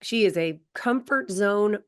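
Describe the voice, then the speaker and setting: A woman podcast host and parent, telling personal stories in an animated, chatty way. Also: medium pitch, measured pace. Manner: animated storyteller, acts out dialogue. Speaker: podcast host, performance coach. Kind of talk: conversational interview.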